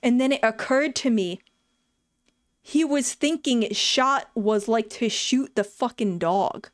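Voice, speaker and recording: A woman's voice: on the high side, slow, no echo, studio quality. A woman chatting casually and telling frank, profane stories from her past work at a vet clinic. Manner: frank, profane, animated storytelling. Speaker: streamer reading chat, former vet clinic worker. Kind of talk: casual storytelling chat.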